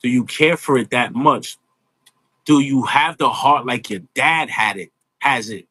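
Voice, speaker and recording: Male guest, animated casual chat, bright tone. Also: mid-range voice, a little slow, breathy edge, no echo. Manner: animated, conversational, repeats "you know". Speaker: guest, social media influencer.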